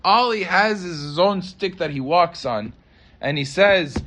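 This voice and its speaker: A rabbi telling a story in a dramatic sermon, acting out the voices of the people in it. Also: male voice, high-pitched, lively intonation, measured pace, fairly bright tone.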